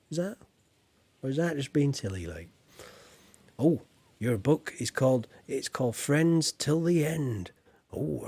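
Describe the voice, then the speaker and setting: A man's voice: a little high, dark tone, husky. A man streaming a farming game, chatting in a rambling, jokey, homely way as a folksy farmer persona. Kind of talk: casual let's-play chat.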